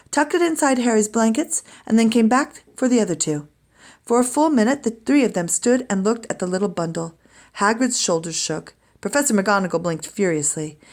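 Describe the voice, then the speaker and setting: Reading a children's book chapter to her class, a woman teacher uses a clear, expressive storytelling voice that sits a little high.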